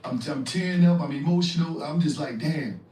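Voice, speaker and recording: Man, slightly high voice, animated storyteller, heavy slang, distant mic in an echoey room. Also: brisk. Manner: animated, acts out voices in his stories; frequent profanity and slang. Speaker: interview guest. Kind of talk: casual storytelling.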